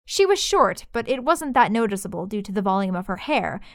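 A woman narrating a fantasy story in a lively, expressive reading. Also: medium pitch, a little fast, no room sound, studio quality.

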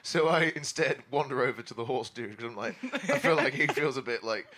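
Stammering bright player. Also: male voice, medium pitch, a little fast. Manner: stammering, restarting eagerly. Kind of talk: casual tabletop banter.

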